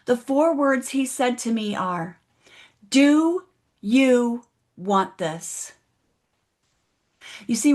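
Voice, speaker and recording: A woman giving a motivational keynote speech, telling a story and asking the audience direct questions. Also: on the high side. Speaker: motivational speaker. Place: online event, audience in chat.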